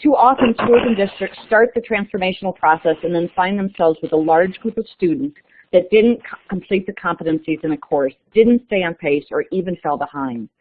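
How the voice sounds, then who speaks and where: A woman's voice: lowish voice, brisk, a little hiss or hum. Chatty woman presenter on phone line. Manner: chatty, with fillers. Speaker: lead author presenting. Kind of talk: webinar presentation. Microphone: conference call line. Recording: tinny phone-line audio.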